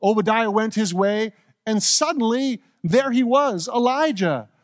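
A male pastor preaching a relaxed sermon with playful, joking asides. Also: sits high, unhurried.

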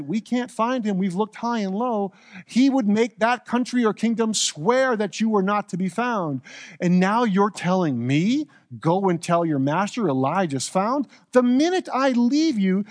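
A man's voice: high voice, expressive, no room sound. A man voicing a fearful royal servant who pleads in a worried rush. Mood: anxious. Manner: worried, rapid protest.

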